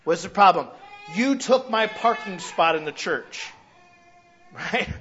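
A man pastor preaching a sermon in a church, animated, asking questions aloud and acting out what people say. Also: sits high, takes it slowly, lo-fi sound. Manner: animated preaching, acting out quoted voices, shouts rhetorical questions.

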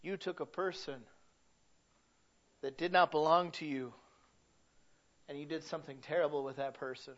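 High-voiced man preaching a sermon. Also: steady tone, moderate pace, long pauses, dull audio. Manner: dynamic preaching, swinging from loud to hushed. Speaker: pastor.

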